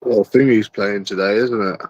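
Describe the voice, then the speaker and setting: A man's voice: on the low side, fairly even intonation, normal speed, darkish tone, no echo, highs cut off. A man streaming alone, rambling in a casual, mocking monologue full of swearing. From London. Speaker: livestreamer.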